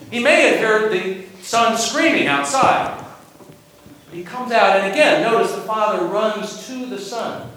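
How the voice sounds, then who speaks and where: A man's voice: high voice, fairly bright tone, heavy reverb, far from the mic, slight background noise, low-quality recording. A male preacher giving a sermon, retelling a story with dramatic asides, in a church sanctuary.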